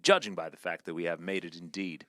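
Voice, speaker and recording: A man's voice: sits low, steady tone, fast, fairly bright tone, no echo. A young man casting an esports match, with a playful, mock-formal way of talking. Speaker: esports commentator. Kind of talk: esports play-by-play commentary.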